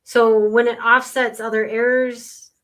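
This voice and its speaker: A woman's voice: a little high, little pitch movement, measured pace, fairly bright tone. A middle-aged woman, a sales tax consultant, explaining earnestly with client stories in a podcast conversation.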